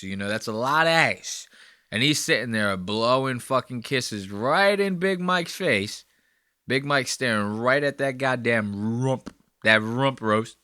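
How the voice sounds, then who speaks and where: A man's voice: mid-range voice, a little slow, sharp tone, dry recording. A man hosting a podcast, riffing crude and profane comedic commentary in a rambling, conversational way on a close mic. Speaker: podcast host.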